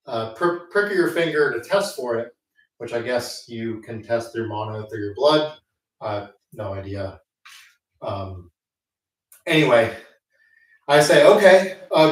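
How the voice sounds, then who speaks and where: A man telling a rambling, self-mocking story with many fillers, chatting casually between sets at the gym. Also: medium pitch. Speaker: host. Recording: echoey room, mic at a distance.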